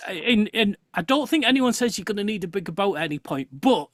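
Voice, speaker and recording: A host chatting on a live show, telling an animated story full of halting restarts. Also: mid-range voice, dry recording, studio quality. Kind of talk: casual chat on a live show.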